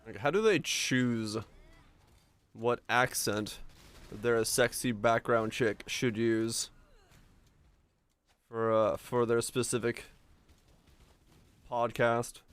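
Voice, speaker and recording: A man's voice: mid-range voice, fairly even intonation, takes it slowly, long pauses, fairly bright tone, clean tone. A man streaming a game and chatting casually with his viewers, musing and rambling as he answers their comments. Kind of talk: casual stream chat while gaming.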